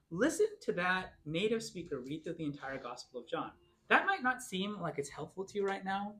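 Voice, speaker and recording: A man teaching a Bible class in a church classroom, giving a lecture and patiently explaining, slowing down to repeat example phrases. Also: high voice, a bit bright.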